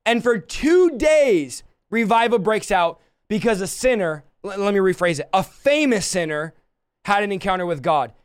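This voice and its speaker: A man preaching a livestreamed sermon, impassioned, swinging between soft and loud passages. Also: high voice, animated, normal speed, clean tone, no room sound, clean studio sound.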